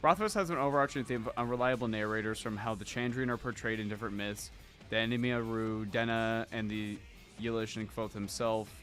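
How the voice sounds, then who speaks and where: A man's voice: on the low side, fairly even intonation, brisk, fairly bright tone, soft background music. A man co-hosting a podcast, chatting casually and reading out viewer comments in a loose, rambling, profane way. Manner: loose, rambling and profane, with lots of "like" and "I don't know". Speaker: podcast co-host.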